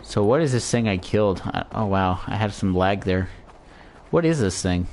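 A young gamer chats through his playthrough, cracking jokes to his viewers in a lively voice that swings up and down. A faint hiss sits under his voice. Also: lowish voice, normal speed, gravelly. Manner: chatty, joking asides to viewers. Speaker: gaming YouTuber. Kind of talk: let's play commentary.

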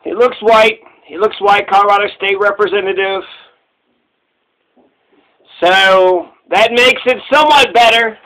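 A man's voice: high voice, measured pace, pauses often, sharp tone, low-quality recording. A man giving casual, rambling commentary in a sarcastic, repetitive way.

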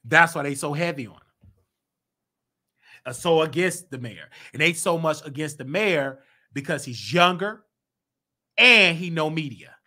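Guy w/ hosting his own show, bright tense voice, gets loud and worked up. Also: on the high side, measured pace, pauses often. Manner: animated, rising to emphatic outbursts. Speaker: show host. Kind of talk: solo commentary show.

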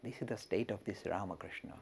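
A male religious lecturer telling a story in an expressive way and speaking directly to his listeners. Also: on the low side, fast talker, creaky, breathy edge.

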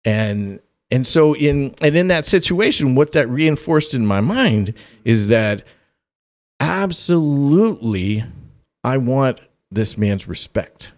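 A man hosting a parenting podcast who tells a funny personal story in an animated way, laughing often as he goes. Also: mid-range voice, slow. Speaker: podcast host.

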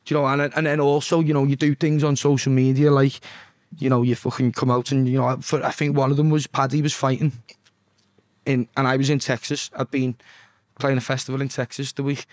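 A man's voice: medium pitch, level tone, a little fast, no room sound, studio quality. A young man with a Liverpool accent, a singer chatting as a podcast guest, swearing freely and often asking "do you know what I mean". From Liverpool, England. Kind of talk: casual interview chat.

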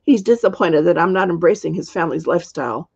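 A woman's voice: on the low side, expressive, quick pace, gravelly, a little mellow, slightly rough, full character voice. A woman voicing a polite, good-humored young vampire girl who teases lightly, in a dull lo-fi recording.

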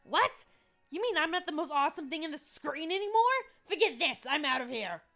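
A smug, self-righteous teen heroine from a game taunts everyone around her, high and cocky, as a woman puts her on. Faint music plays underneath. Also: big pitch swings, moderate pace, bright, forceful tone, heavily acted. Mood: indignant.

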